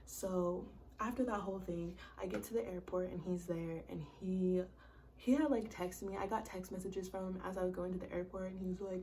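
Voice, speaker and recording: A woman's voice: on the low side, steady tone, brisk, darkish tone, recorded from a distance. A young woman telling a personal story in casual vlog style, blunt and profane, with many "like"s and "bro"s, sometimes dropping to a whisper. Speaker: vlogger.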